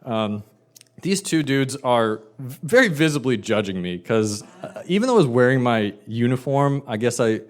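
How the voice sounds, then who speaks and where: A man telling a funny personal story live, animated and wry, building comic tension. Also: mid-range voice, normal speed.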